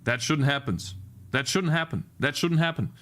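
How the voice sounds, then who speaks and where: A man's voice: on the high side, moderate pace, fairly bright tone. A young man streaming his game programming, talking to chat while he debugs, muttering to himself and swinging between irritation and delight. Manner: swears and mutters repeated phrases to himself. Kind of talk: live coding stream chat.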